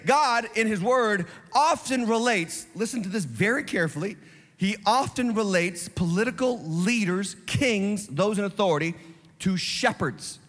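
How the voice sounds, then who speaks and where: A male pastor preaching an impassioned sermon, sometimes shouting. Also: sits high, in a large hall. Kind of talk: fiery sermon.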